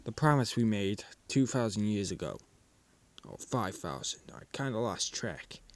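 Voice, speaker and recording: A calm old professor speaks softly and reassuringly, voiced by a man. He is unhurried and a bit lower than the storyteller.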